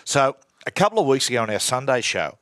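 A middle-aged Australian man hosting a casual sports podcast in a studio, telling lively stories and acting out quotes. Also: medium pitch, fast talker, no room sound. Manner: animated storyteller, acts out quotes. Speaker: podcast host.

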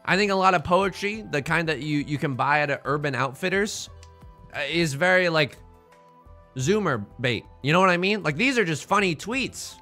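A young man riffs loosely through a casual livestream, bouncing his pitch up and down as he jokes. His tone is bright and forceful, a little high for a man. He circles back and restarts sentences, dropping swears along the way. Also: lively intonation, normal speed, soft background music. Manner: rambling, jokey, restarts phrases, swears. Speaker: streamer.

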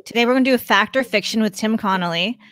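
A woman hosting a casual interview, bubbly and quick to laugh. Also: on the high side, fairly bright tone, no echo, clean studio sound. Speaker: podcast host.

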